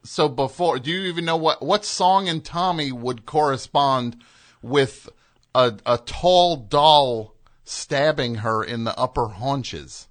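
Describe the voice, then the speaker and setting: A man's voice: mid-range voice, takes it slowly. A man hosting a comedic call-in radio show, dry and skeptical with short replies. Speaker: radio host.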